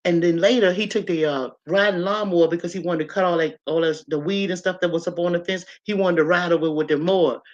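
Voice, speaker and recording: A woman hosting a livestream, chatting casually with viewers and telling animated, colloquial stories. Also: on the low side, fast talker, few pauses, lo-fi sound. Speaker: livestream host. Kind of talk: casual chat and storytelling to viewers.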